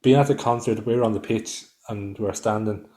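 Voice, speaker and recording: A man's voice: fairly low pitch, steady tone, fairly quick, warm tone. Blunt, swearing Irish man. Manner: blunt, swears often, loses his thread. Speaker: podcast co-host. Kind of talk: casual chat.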